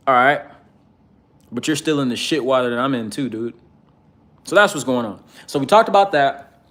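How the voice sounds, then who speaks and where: A man delivers a casual commentary monologue in a mid-pitched voice. He rambles, fills his pauses with constant uh's, and speaks bluntly with profanity. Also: fairly bright tone. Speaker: political commentator.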